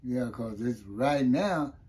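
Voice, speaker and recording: A man's voice: mid-range voice, lively intonation, slow, a little mellow. An older man, telling about his time in prison in a loose, rambling way and often asking "you know what I mean". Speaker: interview guest, former prisoner. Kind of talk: casual storytelling interview.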